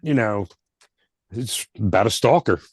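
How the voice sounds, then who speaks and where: A man's voice: on the low side, expressive, measured pace, slightly rough, no echo, clean studio sound. A man co-hosting a casual album review chat, laid-back and rambling with restarts. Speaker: podcast co-host.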